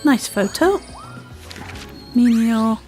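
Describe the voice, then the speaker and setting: A woman's voice: fairly high pitch, expressive, extremely slow, a little mellow, soft background music. Chatty woman, Scouse-Welsh accent. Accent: part Scouse, part Welsh. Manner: chatty, self-deprecating, talking to herself while playing. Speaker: gaming channel host. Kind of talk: casual let's-play commentary.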